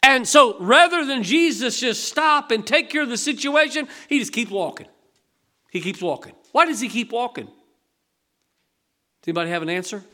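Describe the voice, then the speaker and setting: High, bright-voiced older preacher. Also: male voice, expressive, normal speed. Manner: folksy, conversational preaching with rhetorical questions. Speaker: pastor. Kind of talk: sermon.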